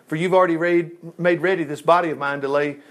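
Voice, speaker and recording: A man's voice: on the high side, steady tone, fast. A man preaching an informal Bible-study sermon, reading scripture aloud and breaking off with folksy comments.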